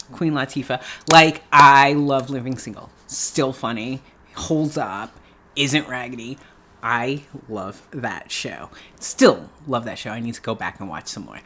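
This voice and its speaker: A woman's voice: extremely low pitch, a bit bright. Woman, middle-aged, from New York, casual vlog talk, chatty, laughs often. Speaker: beauty YouTuber.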